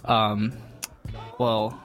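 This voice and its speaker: A man's voice: fairly low pitch, level tone, very slow, a bit bright. A man in a casual podcast chat, answering in a dry, matter-of-fact way. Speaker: podcast co-host. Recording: music playing behind.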